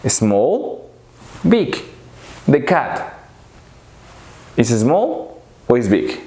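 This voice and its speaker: Slow, playful man teaching animal words. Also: medium pitch, very animated, dark tone, echoey room. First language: Spanish. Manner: slow, repetitive, makes playful animal noises. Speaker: English teacher. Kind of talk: children's vocabulary lesson.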